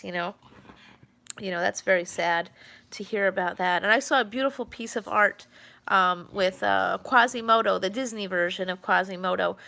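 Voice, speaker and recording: Chatty woman live streaming, gravelly, bright, rambling with lots of ums. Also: mid-range voice. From New York. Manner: chatty, rambling, with many fillers and restarts. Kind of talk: casual live-stream chat.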